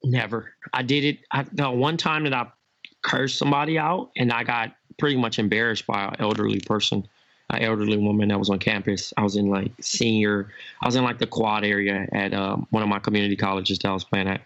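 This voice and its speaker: A young man, a podcast co-host, chatting casually and telling animated stories. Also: fairly quick, no room sound, highs cut off. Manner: animated storyteller, acts out quotes in a higher voice. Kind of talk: casual chat.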